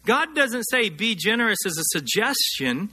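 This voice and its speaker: A preaching man with a high, very bright and forceful voice. He delivers his sermon earnestly, slowing down and lifting his pitch to drive home each scripture. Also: big pitch swings. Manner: earnest preaching, slows and rises to stress scripture. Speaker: pastor.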